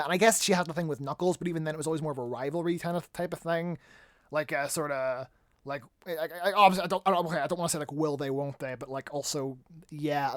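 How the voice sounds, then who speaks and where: A man's voice: a little high, dry recording, clean studio sound. A man giving a casual, rambling review commentary, full of fillers and casual swearing. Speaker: video reviewer.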